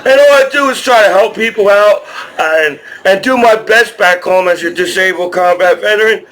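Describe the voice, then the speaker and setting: A man's voice: high-pitched, normal speed, fairly bright tone, poor audio. A man from New Jersey with a New Jersey accent, delivering a rambling, aggrieved vlog monologue to the camera, stammering through frequent restarts. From New Jersey, USA. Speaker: vlogger.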